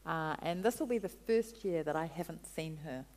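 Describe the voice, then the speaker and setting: A woman guest, a food writer, telling animated stories in an interview. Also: low-pitched, moderate pace, in a large hall. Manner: chatty, animated storytelling with laughs. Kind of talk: storytelling interview answers.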